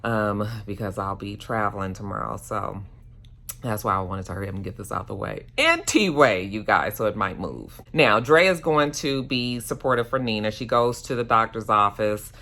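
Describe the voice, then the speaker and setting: A woman's voice: a bass voice, animated, normal speed, vocal fry, fairly bright tone. A woman giving a casual, slangy recap of a TV episode. She talks into a handheld phone in a hotel room. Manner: chatty, slangy, acts out characters' lines. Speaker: TV episode reviewer.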